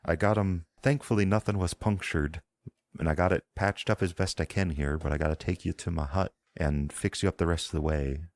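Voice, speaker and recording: A man's voice: deep voice, steady tone, brisk, voice pushed up. Man putting on a fussing young priestess. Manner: fussing, folksy, motherly scolding. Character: young kindly woman priestess and hedge witch.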